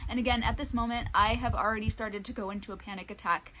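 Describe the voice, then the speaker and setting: Young woman, casual vlog storytelling, animated, slightly high voice, faint background hiss. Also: fast, poor audio. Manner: animated retelling, acts out quoted voices. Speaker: service dog handler and vlogger.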